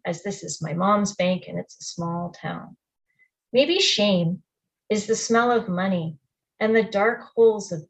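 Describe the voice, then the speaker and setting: A woman telling a personal memoir in the first person and the present tense, quiet and reflective. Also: mid-range voice, highs cut off. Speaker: storyteller.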